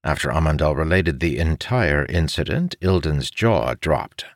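A man narrating a fantasy audiobook in an expressive storytelling manner. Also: rumbling low, measured pace, no room sound, studio quality.

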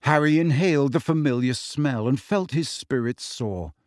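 A man giving expressive audiobook narration in a steady storytelling manner. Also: mid-range voice, normal speed, dry recording, studio quality. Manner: steady storytelling with shifting character voices.

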